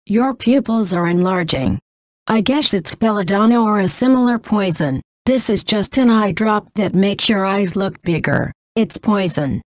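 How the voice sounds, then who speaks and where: A woman voicing a composed young noblewoman who speaks crisply and curtly. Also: mid-range voice, a little slow, no room sound, lightly acted. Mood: cold. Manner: crisp, curt.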